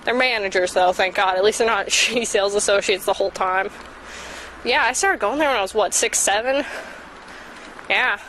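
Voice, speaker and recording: A woman's voice: mid-range voice, moderate pace, fairly bright tone, a little hiss or hum, low-quality recording. A young woman vlogger telling rambling childhood stories outdoors while walking, swearing freely and mocking herself. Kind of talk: rambling casual storytelling.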